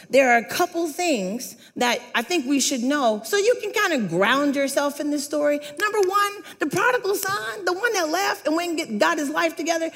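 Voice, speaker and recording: A woman preaching a sermon, reading a Bible story aloud and retelling it with animated storytelling, prompting her listeners to repeat words back. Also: high voice, big-room sound.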